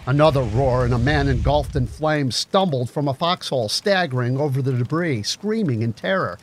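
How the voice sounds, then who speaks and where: A male narrator reading a story aloud in a measured, grave manner. His voice sits at an ordinary middle pitch, paced like a careful audiobook reading. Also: a little hiss or hum. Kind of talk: scripted narration.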